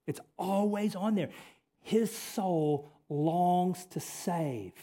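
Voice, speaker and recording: A male pastor preaching a sermon, repeating key phrases and swinging between forceful emphasis and hushed, earnest passages. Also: sits high, very slow.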